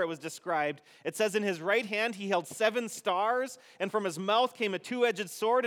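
A man leading a children's message during a church service, talking gently and playfully with many restarts. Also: high voice, big-room sound. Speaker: pastor. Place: church sanctuary.

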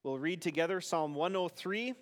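A man leading a service as pastor, reading scripture aloud to a congregation in an unhurried way. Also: a little high. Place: church sanctuary. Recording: long reverb of a church hall.

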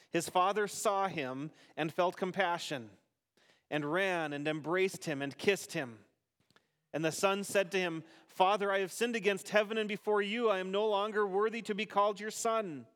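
A man's voice: high voice, fairly bright tone, clean tone. Male pastor reading scripture in an echoing hall. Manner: unhurried reading aloud to a congregation. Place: church sanctuary. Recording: long reverb of a church hall.

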